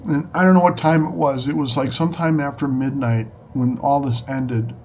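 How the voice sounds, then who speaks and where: A man telling a personal story in an earnest, halting way, often restarting his sentences. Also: mid-range voice, fairly even intonation, a little mellow, slight background noise. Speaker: storyteller recounting a spiritual experience. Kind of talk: personal testimony.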